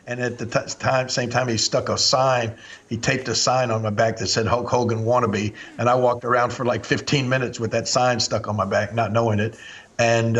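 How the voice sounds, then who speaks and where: An older man tells a story on his podcast in a relaxed, chatty way. He acts out what the others said as he goes. His voice sits at an ordinary middle pitch. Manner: animated anecdote-telling, acts out quoted lines. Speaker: podcast host. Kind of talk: casual storytelling.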